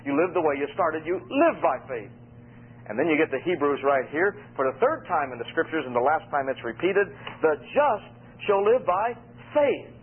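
A man preaching an expository sermon, reading scripture and explaining it with emphatic, animated delivery. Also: a little high, slightly rough. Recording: phone-like radio broadcast.

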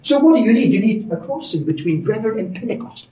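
High, animated male preacher, distant and roomy. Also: fast talker, slight background noise. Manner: emphatic, conversational preaching with asides. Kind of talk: sermon. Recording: roomy, distant, dull lo-fi sermon recording.

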